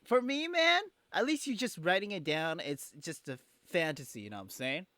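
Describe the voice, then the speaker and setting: A man reading a visual novel aloud in a casual playthrough, animated and joking. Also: high-pitched, moderate pace, no room sound. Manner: animated, joking, swears freely.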